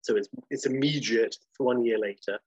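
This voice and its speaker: A podcast co-host chats casually, rambling enthusiastically and correcting himself as he goes. His medium-pitched voice is darkish with a breathy edge, delivered at a moderate pace. The recording is muffled, with no room sound.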